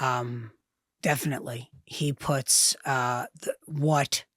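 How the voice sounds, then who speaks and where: Woman in her 40s, bit husky, stop-start chatty guest, dry mic. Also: a bass voice, fairly even intonation, a bit bright, no echo. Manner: halting, many fillers and restarts. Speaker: podcast guest, fitness trainer. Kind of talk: casual interview chat.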